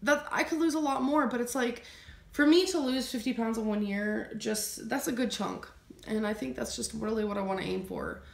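A woman vlogger with a raised, bright voice and a gravelly texture chats loosely through a couple Q&A. She reads viewer questions with a giggly, offhand manner. The roomy echo of the space hangs around her voice. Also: on the high side, normal speed. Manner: chatty, giggly, loose phrasing. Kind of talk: casual couple Q&A chat.

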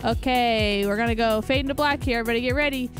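Mulher alegre de voz aguda, conversa descontraída. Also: female voice, on the high side, fast talker, over music. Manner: playful, jokey, giggly. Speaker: co-host. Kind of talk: casual pre-show chat.

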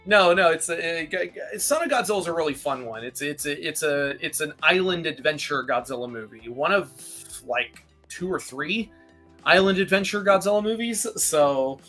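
Man, casual chat, rambling with restarts, bright tone, a bit high. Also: lively intonation, soft background music. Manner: rambling, self-interrupting, quick laughs. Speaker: guest kaiju expert.

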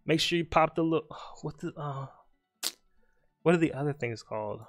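With faint music in the background, a young male streamer with a fairly high-pitched voice jokes through commentary on the game he's playing live. He chats to his opponent and mutters rapidly.

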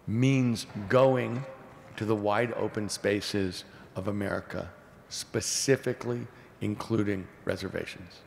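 A man in his sixties, a presidential candidate answering questions at a forum in an earnest, measured way. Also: steady tone, creaky. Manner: earnest, measured, repeats key phrases. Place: large hall at a public forum. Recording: echoey hall, faint rumble.

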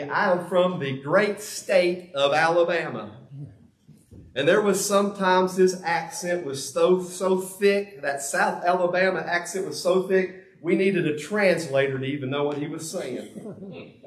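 A male pastor with a slightly high voice preaches at a measured pace in a church sanctuary. His sermon is earnest and confessional, and he stresses key words by repeating them. The sanctuary's echo is audible.

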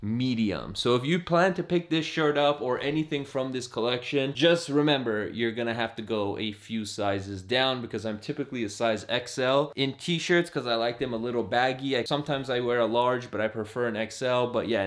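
Upbeat young man vlogging his haul. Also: mid-range voice. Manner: upbeat, casual, hyped about sneakers and streetwear. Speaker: vlogger showing shopping pickups. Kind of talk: casual vlog talk to camera.

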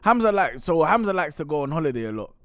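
Animated man telling stories. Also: on the high side, fast, no echo, studio quality. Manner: animated, acts out dialogue. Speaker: co-host. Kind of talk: casual storytelling chat.

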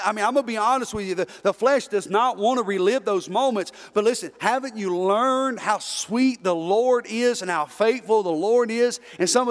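A man preaching a sermon as pastor, fervent and repetitive, calling out to his congregation. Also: high-pitched. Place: church sanctuary. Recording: long reverb in a church hall.

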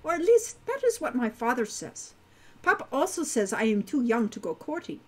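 A woman's voice: high-pitched, big pitch swings, normal speed, voice pushed up. A woman voicing a prim fourteen-year-old centaur farm girl who talks formally and avoids contractions.

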